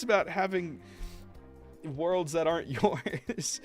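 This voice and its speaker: A man chatting casually while live-streaming a game, talking to viewers and laughing softly. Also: mid-range voice, normal speed, soft background music. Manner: chatty, animated, soft laughs. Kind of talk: casual livestream gameplay chat.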